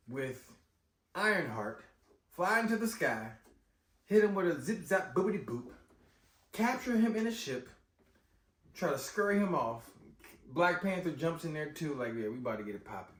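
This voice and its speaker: A man recapping a film in an excited, slangy chat, his pitch bouncing high and low as he exclaims. His voice sits a little above average. The room is echoey and the mic is some distance away. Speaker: movie recap host. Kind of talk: casual movie recap chat. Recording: roomy echo, distant mic.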